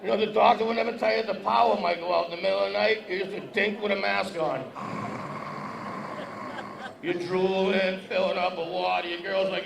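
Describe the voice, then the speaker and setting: A man's voice: sits high, gravelly. A man doing a stand-up comedy set on a stage, teasing the crowd in a brash, joking way. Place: event hall stage with a podium before a live audience. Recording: echoey hall with crowd noise.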